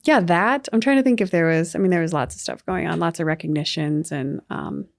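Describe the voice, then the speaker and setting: A young adult woman co-hosting a sports podcast, telling stories in a chatty, animated way with lots of fillers. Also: lowish voice, fairly quick, vocal fry. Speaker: podcast co-host. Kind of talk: casual sports chat.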